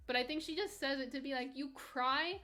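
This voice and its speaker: High-voiced young woman chatting candidly. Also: racing, a bit bright, faint music behind. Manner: rambling and candid, with frequent restarts and light laughs. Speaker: streamer. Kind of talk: casual chat reading live chat while gaming.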